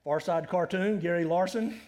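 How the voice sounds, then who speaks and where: A middle-aged man preaching a sermon in a conversational, animated way, full of rhetorical questions. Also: sits high, moderate pace. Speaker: pastor.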